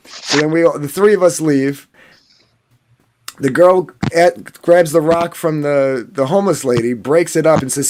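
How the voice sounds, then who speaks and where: A man's voice: a little high, a little slow, noisy background. A man casually telling a story on a podcast panel, swearing and acting out what people said. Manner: animated, swearing, acts out quotes.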